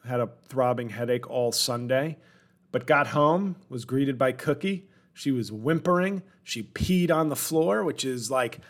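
A man's voice: medium pitch, a little slow. A man in his forties hosting a comedic solo podcast, rambling and self-deprecating, with wry asides to his listeners. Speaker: podcast host.

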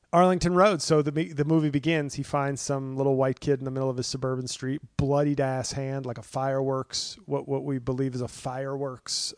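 A man hosts a casual solo podcast from home, rambling and sarcastic, with plenty of fillers and self-mocking asides. His voice is on the high side and a little mellow, recorded dry with a clean studio sound.

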